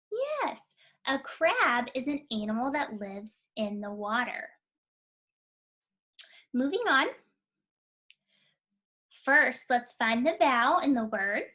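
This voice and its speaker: A woman teaching a phonics lesson to young children, sounding out words slowly, clearly and encouragingly. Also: high voice, fairly bright tone. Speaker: kindergarten teacher.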